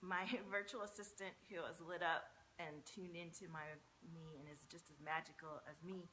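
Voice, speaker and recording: A woman hosting a live tarot stream, talking in an effusive, breathy, spiritual way in a large high-ceilinged room. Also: fairly even intonation, normal speed, bright, forceful tone, a little hiss or hum. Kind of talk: casual live-stream chat. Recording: muffled, echoey room sound.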